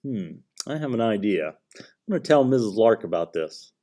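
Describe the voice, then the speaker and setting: A man's voice: lowish voice, big pitch swings, normal speed, warm tone. A man voicing a kind, cheerful female schoolteacher in a storybook reading. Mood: friendly.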